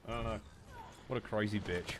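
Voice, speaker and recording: Playing live, a young British man whose nose sounds blocked and nasal rambles and curses casually at his chat through a headset. His voice is lowish and brisk with fairly even intonation, and the background is noisy.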